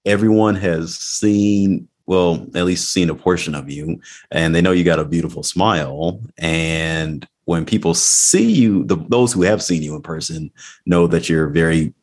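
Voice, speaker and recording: A man's voice: deep voice, measured pace, darkish tone. A man hosting a casual chat, joking and crude in a laid-back way.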